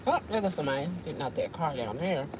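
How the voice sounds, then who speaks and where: A woman hosting a casual live-stream chat from her parked car at night, with an animated, friendly way of talking. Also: sits low, quick pace, background noise. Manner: lively, greets viewers warmly with laughs. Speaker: livestream host chatting with viewers.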